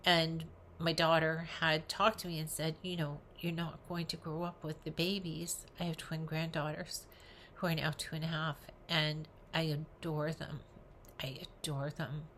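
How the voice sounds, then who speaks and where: Older woman vlogger, slightly low voice, earnest and encouraging in casual to-camera chat. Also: flat delivery, moderate pace, a bit bright, a little hiss or hum. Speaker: weight loss vlogger. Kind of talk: casual direct-to-camera talk.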